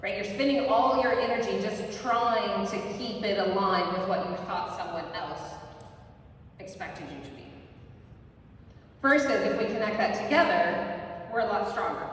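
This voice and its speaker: Energetic woman running a workshop, keeps tossing in tag questions, super echoey room, faint hiss. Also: mid-range voice, moderate pace. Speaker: workshop presenter. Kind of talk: live workshop talk to an audience. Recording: very echoey hall, mic far off, faint noise.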